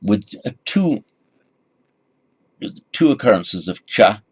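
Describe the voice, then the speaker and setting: Slow, patient male Sanskrit teacher. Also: lowish voice, sing-song, slightly rough. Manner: slow, patient, repeats each phrase for the learner. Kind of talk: recorded language lesson.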